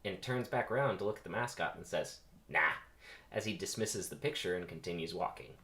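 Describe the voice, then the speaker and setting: A man's voice: sits low, fast, fairly bright tone. A man reading a film script's stage directions in a dry, matter-of-fact way.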